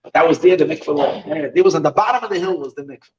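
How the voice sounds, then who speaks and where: A man, a rabbi, telling stories in a halting lesson, with many restarts. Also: on the high side. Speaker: rabbi teaching. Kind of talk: storytelling lesson. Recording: dull recording, far from the mic.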